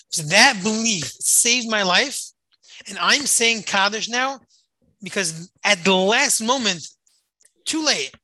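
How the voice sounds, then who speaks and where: A storyteller retelling an emotional story, dramatic, repeating phrases for emphasis and swinging between rising intensity and hushed lines. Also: medium pitch, no echo, poor audio.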